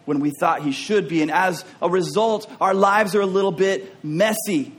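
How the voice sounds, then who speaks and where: A man's voice: sits high, moderate pace. A man preaching a sermon as a pastor, talking in an earnest, openly personal way and often repeating words as he restarts.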